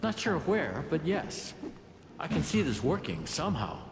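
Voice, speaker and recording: An actor voicing an ancient male spirit bound in a gauntlet, speaking in a measured, thoughtful way. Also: on the high side, big pitch swings, vocal fry, noisy background, full character voice. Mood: musing.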